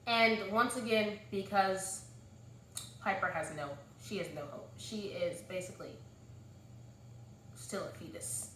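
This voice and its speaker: A woman's voice: medium pitch, a little slow, long pauses, a bit bright. A woman with a Southern US accent chatting casually as she sums up a book, rambling with lots of fillers. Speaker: book vlogger. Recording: echoey room.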